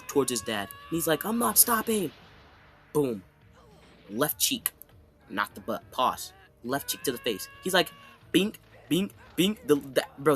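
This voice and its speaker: A man's voice: mid-range voice, a bit bright. A man casually recapping an anime fight in a rambling, slangy way, often checking in with "okay?". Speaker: anime commentator.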